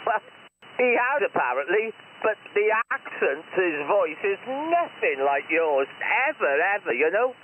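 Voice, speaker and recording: Lively ham, swinging pitch. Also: male voice, a little slow, a little hiss or hum. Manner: lively, swearing storyteller. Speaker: radio amateur. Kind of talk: casual on-air chat. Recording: tinny shortwave radio.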